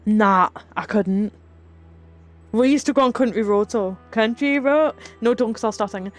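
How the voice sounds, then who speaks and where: A woman's voice: on the high side, moderate pace, soft background music. A woman, chatting casually with her live chat, laughing often and telling rambling stories. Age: 30s. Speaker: streamer.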